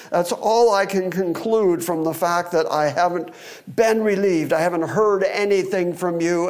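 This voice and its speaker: Male Bible teacher, slightly higher pitch, earnest expository delivery, rhetorical questions, speaking into a mic. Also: unhurried, darkish tone. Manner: wry aside about holding the microphone. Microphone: microphone.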